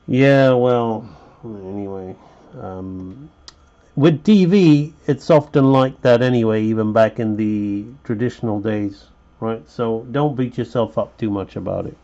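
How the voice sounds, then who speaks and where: A man's voice: on the low side, unhurried, warm tone, muffled recording. A man teaching a live drawing lesson, rambling and chatty and thinking aloud as he sketches, heard through a webcam microphone. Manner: rambling, chatty, talks to himself while sketching. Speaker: animation teacher.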